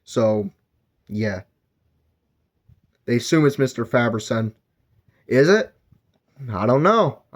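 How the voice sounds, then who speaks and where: With lively intonation, a man takes his time over a book review, pausing often as he rambles. He uses lots of fillers, corrects himself mid-sentence, and speaks at a normal mid pitch.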